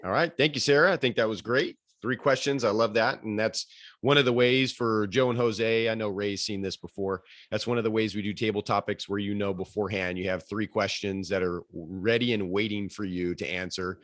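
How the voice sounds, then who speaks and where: Man, lower voice, friendly meeting evaluator, dry close sound. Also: steady tone, brisk, fairly bright tone, dry recording. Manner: friendly, explanatory. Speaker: general evaluator of the club meeting. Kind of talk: meeting talk on video call. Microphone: video call.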